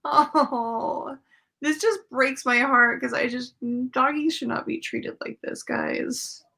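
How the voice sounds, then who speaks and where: A young woman hosting a casual movie watchalong who swears freely, laughs often and reacts loudly to the film. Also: high-pitched, slow pace, gravelly.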